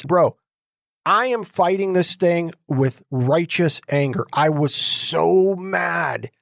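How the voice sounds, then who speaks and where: A middle-aged man telling his personal deliverance testimony in a casual, animated way, dropping slang like bro and dude. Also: high voice, no echo, studio quality. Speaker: exorcist sharing his testimony.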